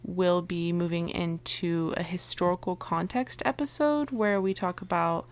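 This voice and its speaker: A young woman co-hosts a podcast, chatting casually about books. Her voice sits a little low for a woman, and she talks with plenty of fillers and quick laughs. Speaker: podcast co-host.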